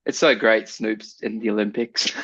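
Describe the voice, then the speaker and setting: A man's voice: on the low side, steady tone, unhurried, a bit bright, husky, dry recording, dull audio. A man co-hosting a podcast in casual chat, laughing often and trailing off with "I don't know". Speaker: podcast co-host.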